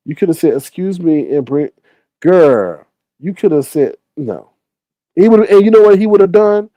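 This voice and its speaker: A man's voice: fairly high pitch, animated, normal speed, warm tone, no echo. A man telling a story to his viewers in a casual rant, exasperated, repeating himself, swearing a lot and acting out other people's lines. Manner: exasperated, repetitive, heavy profanity. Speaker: online streamer.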